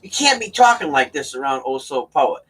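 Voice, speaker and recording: A man's voice: mid-range voice, sing-song, normal speed, a bit bright, breathy edge. A man chatting casually and rambling on a livestream, joking and laughing often. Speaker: livestream host.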